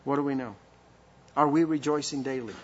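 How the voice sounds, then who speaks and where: A man's voice: medium pitch, a little fast, highs cut off. A man preaching a sermon as pastor, with impassioned rhetorical questions and a delivery that rises and falls.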